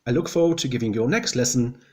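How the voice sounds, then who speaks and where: A man giving a mock guide in a prim, genteel voice, dryly condescending and deadpan. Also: mid-range voice, fast. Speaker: comedian presenting a mock guide. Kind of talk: deadpan mock instructional comedy.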